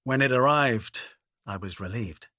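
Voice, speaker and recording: A man narrating a novel in the first person, with calm, measured storytelling. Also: mid-range voice, no room sound, clean studio sound. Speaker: audiobook narrator.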